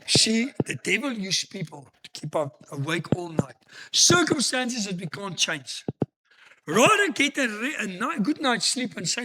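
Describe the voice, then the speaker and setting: A man's voice: high voice, big pitch swings, unhurried, pushed and bright. A man pastor preaching a sermon in an emphatic, storytelling manner, full of rhetorical questions.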